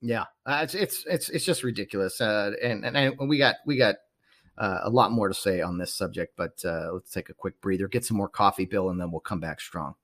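A man's voice: on the low side, a little fast, a bit bright. A man hosting a sports podcast in casual talk, laughing often, agreeing and asking his co-host questions.

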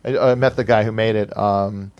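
A man's voice: on the low side, fairly even intonation, moderate pace, darkish tone, dull audio, slight background noise. A man hosting a casual podcast chat, rambling and cursing, with lots of fillers and restarts.

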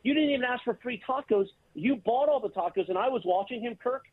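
A man on a thin, tinny phone line talks up his co-hosts in a lively, teasing way, full of mock-grand praise. His voice is high, husky and bounces all over the place. It sounds close and dry. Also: fast, no room sound. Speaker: radio show regular calling in. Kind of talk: casual sports radio banter.

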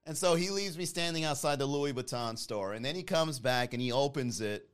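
A man's voice: mid-range voice, fairly quick, hardly any pauses, smooth. A man hosting a podcast, telling a comic story and acting out the people in it. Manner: animated, mimics people in his story. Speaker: podcast host.

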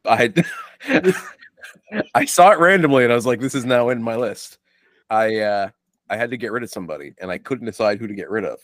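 Male podcast co-host from the US, sarcastic, low and animated, dry close sound. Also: fast talker, no room sound. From United States. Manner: wry, sarcastic asides. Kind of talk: casual chat.

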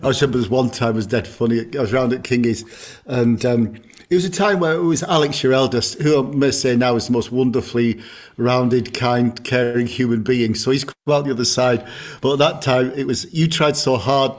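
A middle-aged man co-hosting a chatty podcast. He tells jovial anecdotes with a storyteller's relish. His voice sits at a medium pitch for a man. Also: steady tone, a little fast. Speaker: podcast co-host. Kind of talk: casual chat.

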